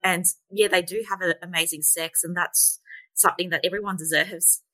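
Earnest bright-voiced woman author guest. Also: fairly low pitch, fairly even intonation, dry recording, rough recording. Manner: earnest, measured, with fillers. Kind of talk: interview answers.

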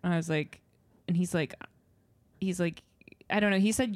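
A woman's voice: on the low side, quick pace, dry recording, clean studio sound. A young woman co-hosting a casual podcast, telling a dating story full of "and I was like" quotes and fillers. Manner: storytelling, quotes others, valley-girl fillers. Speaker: podcast co-host. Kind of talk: casual chat.

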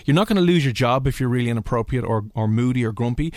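A man's voice: medium pitch, expressive, fast talker, a little mellow, no room sound, studio quality. A man with a Dublin Irish accent, hosting a casual radio chat and telling stories in a chatty way. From Ireland. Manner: chatty storyteller, mimics people he describes. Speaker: radio host.

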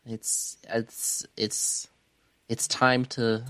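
A man's voice: mid-range voice, level tone, bright, forceful tone, smooth, no echo. Joking man playing a tabletop game. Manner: joking, halting. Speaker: player.

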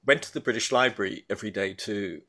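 A man's voice: lowish voice, quick pace, pushed and bright. A middle-aged man talking as a guest in a casual interview, rambling and hesitant with many restarts and fillers. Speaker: guest, baker and food writer.

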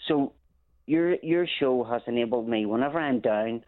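A man from England calling in to a radio show, speaking earnestly and haltingly with many restarts. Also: mid-range voice. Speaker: caller. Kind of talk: phone-in call. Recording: phone line.

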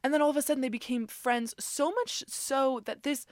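A woman's voice: high-pitched, no room sound. Woman, young adult, podcast co-host, sarcastic casual chat, dry close sound. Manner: quick, sarcastic, mimicking.

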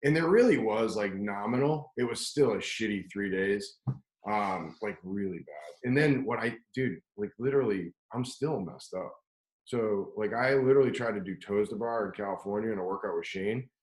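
A man's voice: on the low side, normal speed, a little mellow, roomy sound, poor audio. A man telling a long story in casual chat, rambling and profane, with lots of "like" and restarts. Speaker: podcast guest telling a story.

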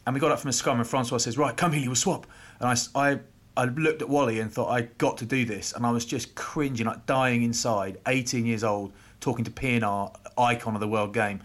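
Animated male rugby podcast co-host. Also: mid-range voice. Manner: animated anecdote telling with quick voice impressions. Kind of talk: casual storytelling chat.

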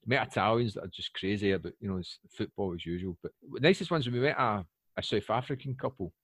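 British male, 40s, fast rambling anecdote-teller, husky low voice, dry close sound. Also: dry recording. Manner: rambling, animated storyteller with many fillers. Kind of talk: casual chat. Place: lives in Poland.

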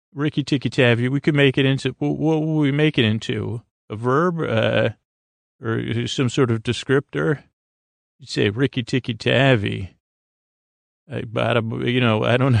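A sleep podcast host, a man with a gravelly, creaky mid-range voice, meanders through a goofy bedtime monologue, hopping between thoughts. He restarts often and relies on fillers, recorded dry and close with no echo.

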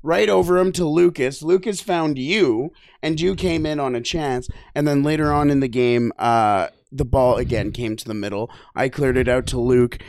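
A man with a Canadian accent co-hosting a casual podcast, telling stories with lots of laughter and animated retellings. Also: mid-range voice, normal speed, gravelly, few pauses, no echo. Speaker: podcast co-host. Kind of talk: casual chat.

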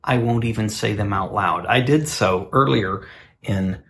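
A man's voice: on the low side, measured pace, a bit bright. A man co-hosting casual radio banter in a sardonic, mock-pompous way. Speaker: co-host.

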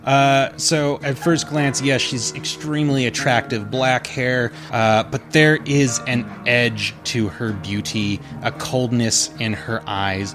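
A man narrating a tabletop game as game master, descriptive and unhurried, with frequent "uh" fillers. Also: medium pitch, fairly even intonation. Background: background music.

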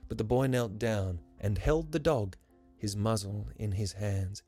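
A man reading a rhyming story aloud as a podcast storyteller, soft and measured. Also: fairly low pitch, breathy edge. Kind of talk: scripted rhyming narration. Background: soft instrumental music.

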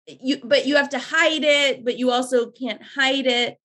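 A woman in her forties, a podcast guest, telling stories in a lively, chatty way and swearing freely. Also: high-pitched, a little slow. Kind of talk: casual storytelling chat.

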